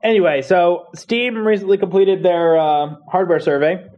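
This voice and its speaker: Male podcast host, slightly high voice, playful, casual banter. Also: moderate pace, muffled recording. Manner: joking, playful. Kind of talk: casual tech podcast chat.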